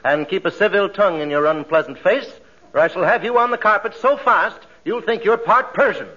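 An actor playing a pompous, grandiloquent middle-aged theater manager in a 1940s radio comedy, fussy about grammar. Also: male voice, high voice, brisk, sharp tone. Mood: lofty. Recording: muffled hissy 1940s radio broadcast.

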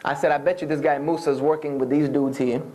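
Lively man telling a funny story. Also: on the high side, quick pace. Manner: animated, acts out the people he quotes. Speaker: Islamic speaker telling his conversion story. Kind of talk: humorous storytelling talk.

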